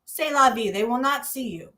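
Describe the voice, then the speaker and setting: A woman's voice: on the high side, lively intonation, moderate pace, fairly bright tone. A woman co-hosting a casual wrestling review podcast, talking bluntly with swearing and mocking rants. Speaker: podcast co-host.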